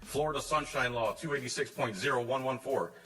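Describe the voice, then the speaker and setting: A man's voice: mid-range voice, a little fast, a bit bright. A man confronting officials in a combative way, citing laws and court cases. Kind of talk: confrontational self-filmed encounter. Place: county meeting room and hallway. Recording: echoey distant hall audio with music.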